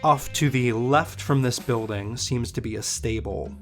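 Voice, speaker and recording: A man's voice: mid-range voice, unhurried. A man narrating a tabletop game as game master, describing scenes at length with many ums and restarts. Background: loud background music.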